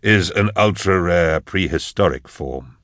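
A man voicing a cold, weary male investigator in an audiobook, speaking in curt, flat phrases. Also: low voice, measured pace, dry recording, clean studio sound. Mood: dry. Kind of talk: audiobook narration.

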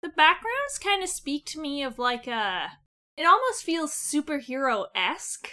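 A woman co-hosting a joking movie review podcast, her voice high and bright. She talks bluntly and sarcastically and swears casually as she mocks what she watches. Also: very animated, unhurried. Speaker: podcast co-host.

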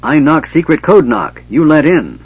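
A man's voice: medium pitch, sing-song, measured pace, fairly bright tone, breathy edge, no echo, heavily acted. A man voicing a bossy little female gully dwarf who speaks in broken grammar. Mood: indignant. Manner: broken grammar, demanding and indignant. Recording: dull lo-fi audiobook recording.

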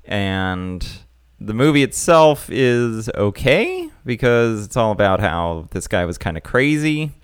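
Young male co-host, rambling joker, animated pitch, dead-dry mic. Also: slow, clear, resonant tone, no room sound. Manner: joking, rambling storyteller. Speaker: podcast co-host. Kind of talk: casual comedic chat.

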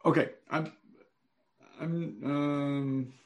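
Guy giving writing feedback on a call, kinda high voice, slow deliberate explaining. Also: steady tone. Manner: deliberate, explanatory, thinking aloud. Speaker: writing coach. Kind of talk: one-on-one manuscript feedback.

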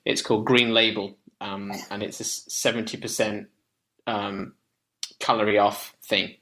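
A man's voice: on the low side, little pitch movement, unhurried, pushed and bright, rough recording. A man co-hosting a music podcast in casual chat, chatty and self-mocking, often laughing.

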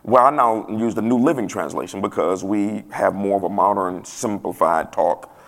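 Gravelly man preaching a casual sermon. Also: fairly low pitch, normal speed. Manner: casual preaching, playful, swells to loud emphasis. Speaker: pastor.

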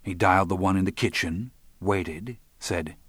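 A man narrating a crime audiobook in an even, measured way. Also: low voice, slightly rough, no room sound, clean studio sound.

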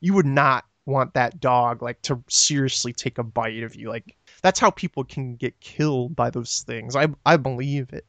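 A man's voice: mid-range voice, moderate pace, hardly any pauses, a bit bright, dry recording. Rambling man, dry close sound. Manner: rambling, filler-heavy storytelling. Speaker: podcast co-host. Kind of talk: casual podcast chat.

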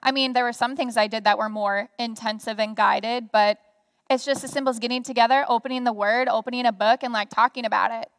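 A young woman speaking on stage, telling a story in a chatty, animated way with many fillers. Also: fairly high pitch, brisk. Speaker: guest speaker. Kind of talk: conversational sharing on a church stage. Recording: reverberant hall sound.

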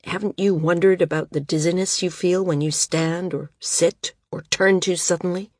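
A woman voicing an older male healer in an audiobook, speaking quietly and gravely. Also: lowish voice, steady tone, no room sound, clean studio sound, close to an everyday voice. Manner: quiet and measured. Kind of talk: audiobook character voice.

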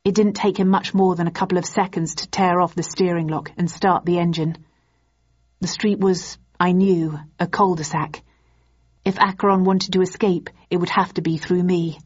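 A woman reading a first-person novel aloud in a measured, even storytelling manner. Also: fairly low pitch, breathy edge, dull audio. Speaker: audiobook narrator.

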